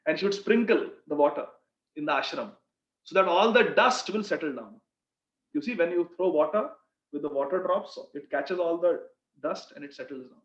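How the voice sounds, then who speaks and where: A male spiritual teacher narrates a devotional tale and stops to explain things earnestly to his listeners. His voice sits a little high. The recording is dull and lo-fi, with a room echo. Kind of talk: devotional story sermon.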